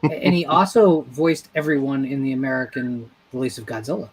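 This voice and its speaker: A man co-hosting a casual group chat online, wry and quick to call on others. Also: mid-range voice, steady tone, a little hiss or hum. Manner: wry, calls on others to perform.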